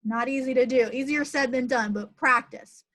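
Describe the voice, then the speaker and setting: A woman's voice: high-pitched, moderate pace, fairly bright tone. A middle-aged woman, a physician, hosting a conversational interview in an earnest tone with plenty of fillers. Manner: earnest, uses many fillers. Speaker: physician host.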